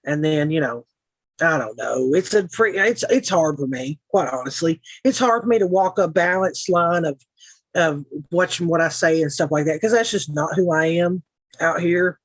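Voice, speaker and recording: A woman's voice: low-pitched, animated, normal speed, dry recording, poor audio. A woman from Middle Tennessee with a Tennessee accent, hosting a casual livestream chat in a frank, sarcastic way, from her home. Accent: Tennessee Southern. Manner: frank, sarcastic, chatty with frequent asides. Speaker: livestream host.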